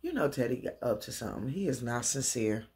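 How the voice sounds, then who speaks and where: A woman's voice: very deep voice, sing-song, fairly quick, a little mellow. A middle-aged woman recapping a TV episode in a chatty, slangy way, dancing around while she talks.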